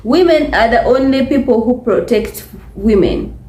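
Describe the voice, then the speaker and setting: A woman's voice: fairly high pitch, lively intonation, measured pace, dark tone. A woman with a Ugandan English accent talking to camera in a casual vlog, emphatic, repetitive and exasperated. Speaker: vlogger. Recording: echoey room.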